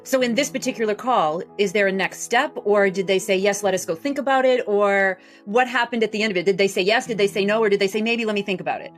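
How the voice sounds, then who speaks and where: Brisk, confident woman sales coach. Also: mid-range voice, soft background music. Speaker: sales coach and author, podcast guest. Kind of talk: interview answers.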